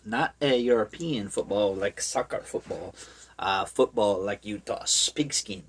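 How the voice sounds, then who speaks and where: A horror book reviewer giving a rambling, deadpan, casual recap of a book, with many asides. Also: sits low, slow, long pauses.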